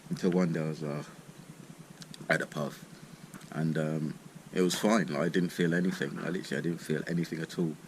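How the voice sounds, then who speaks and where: A man's voice: extremely low pitch, steady tone, brisk, long pauses, poor audio. A man telling a rambling, sweary story in a laid-back way, smoking as he talks. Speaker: vlogger. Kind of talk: casual storytime. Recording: noticeable background noise.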